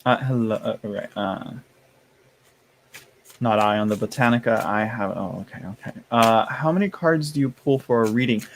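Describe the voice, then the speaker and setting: A man with a low-ish voice streams tarot at a normal speed, with slight background noise behind him. Sounding tired, he chats casually and rambles, restarting often and leaning on fillers, with the odd yawn. He's sassy in a playful way, calling his chat y'all and honey.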